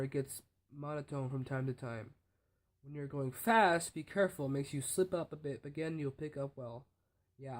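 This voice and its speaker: A teenage male student talking casually to camera, rambling with restarts and fillers and often trailing off quietly. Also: a little high. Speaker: student speech competitor. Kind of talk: casual vlog talk.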